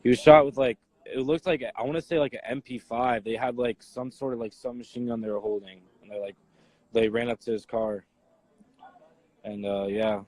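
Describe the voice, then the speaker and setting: A young man speaks at an ordinary middle pitch, answering questions as an eyewitness. His talk is halting and casual, packed with fillers and false starts. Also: steady tone, a little mellow, no echo, rough recording. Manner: halting, filler-heavy, many restarts. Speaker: eyewitness interviewee.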